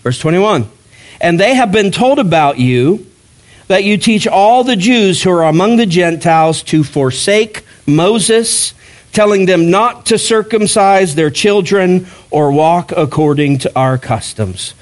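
A man preaching a sermon as pastor, in a conversational, animated style that slips into mock voices. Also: high-pitched, a little slow.

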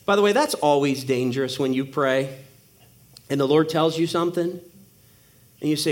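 A man's voice: fairly high pitch, moderate pace, long pauses. A male preacher giving a sermon, telling a story with humor and acting out the characters.

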